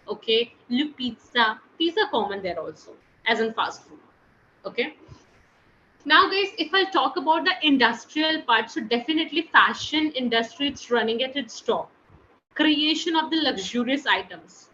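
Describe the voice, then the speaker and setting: A woman's voice: a little high, pushed and bright, lo-fi sound, slight background noise. A woman teaching a French class online in a chatty way, often calling the students guys, heard over a computer mic on a video call. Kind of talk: online language webinar.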